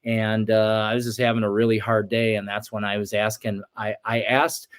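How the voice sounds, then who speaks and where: A man's voice: fairly low pitch, little pitch movement, moderate pace, smooth. A man in his forties, a shaman guest on an interview show, telling a personal story earnestly and acting out his past outbursts.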